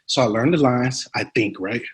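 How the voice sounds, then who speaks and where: An actor guest tells anecdotes during a casual interview, speaking in slang and laughing easily. When he imitates other people, his pitch jumps sharply.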